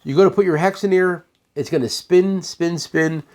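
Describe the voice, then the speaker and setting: A tool shop owner, a man, walks through his products in a loose, chatty sales pitch. He rambles, repeats himself and restarts his sentences as he goes. His voice sits somewhat high for a man. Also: moderate pace, noisy background. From United States.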